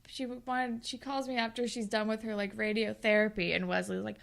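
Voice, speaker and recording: A young woman co-hosting a podcast, casually recapping a TV episode and acting out the characters' lines in quick impressions. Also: mid-range voice, level tone, gravelly, a bit bright. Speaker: podcast co-host.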